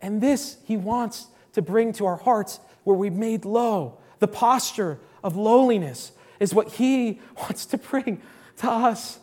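Speaking slowly in a high-sitting voice, a man preaches to a church congregation. He stresses his message by repeating key phrases, alternating booming declarations with hushed remarks.

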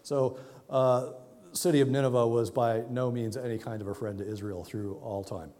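A man preaching a sermon in a relaxed, conversational way, sometimes acting out the figures in his story with a raised voice. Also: medium pitch, normal speed. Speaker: pastor. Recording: long hall reverb.

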